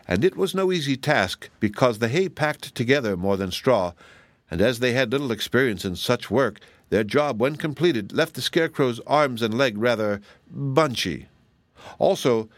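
A man reading a children's storybook aloud as a calm, measured audiobook narrator. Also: medium pitch, no echo. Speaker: audiobook reader.

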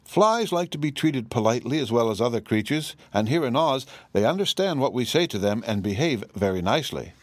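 A man's voice: medium pitch, lively intonation, fairly quick, few pauses, dry recording, natural voice. A man reading an audiobook, voicing a polite, grave old wizard who explains things courteously.

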